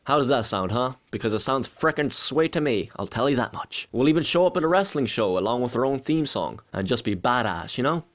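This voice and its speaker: A man's voice: medium pitch, animated, a little fast, hardly any pauses. A young Irish man in his twenties, hosting a casual question-and-answer vlog in a chatty, joking, self-deprecating way. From Ireland. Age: 20s. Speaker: wrestling channel host.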